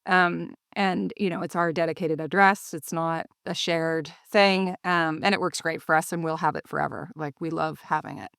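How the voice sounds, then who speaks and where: Woman, fairly low voice, upbeat coaching podcast host, dry sound. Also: moderate pace, gravelly, hardly any pauses, clear, resonant tone, no room sound. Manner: upbeat, animated in anecdotes, coaching tone. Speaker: podcast co-host, cleaning business owner. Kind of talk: casual conversation.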